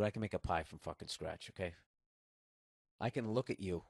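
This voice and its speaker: A man's voice: mid-range voice, a bit bright, no room sound, clean studio sound. A middle-aged man with a Boston accent, hosting a podcast and ranting sarcastically with lots of swearing. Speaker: podcast host. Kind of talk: casual comedic monologue.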